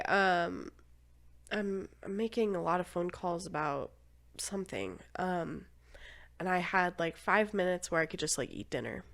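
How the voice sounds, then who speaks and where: A young woman hosting a podcast, telling a story in casual chat, laughing often. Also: lowish voice. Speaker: podcast host.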